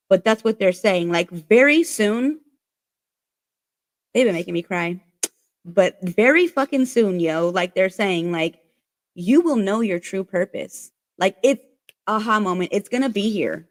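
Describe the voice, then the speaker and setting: A woman's voice: mid-range voice, no room sound. A woman giving a casual spiritual card reading, chatty and swearing freely, saying "like" constantly. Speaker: oracle card reader.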